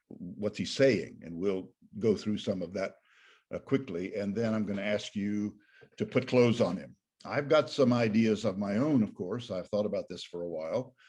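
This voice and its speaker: Older male Bible teacher, low husky voice, informal lecture with asides and restarts. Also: a little mellow. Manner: thoughtful, digressive, with frequent fillers and self-corrections. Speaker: pastor teaching a Bible study.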